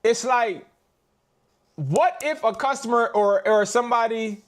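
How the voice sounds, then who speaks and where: A man's voice: very high-pitched, measured pace. A man hosting a live stream as a reseller, talking in a casual, slangy and exasperated way.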